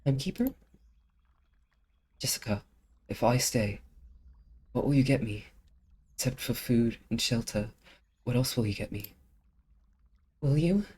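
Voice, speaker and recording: Streamer doing calm guarded leader, attempted British accent, measured, mellow tone. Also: medium pitch, breathy edge, pitched above the performer's own voice. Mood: steady.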